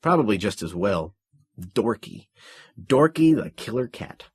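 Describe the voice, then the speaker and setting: A man's voice: fairly low pitch, big pitch swings, measured pace, slightly rough, heavily acted. Man reading Victor, a weary wry man. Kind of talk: audiobook character reading.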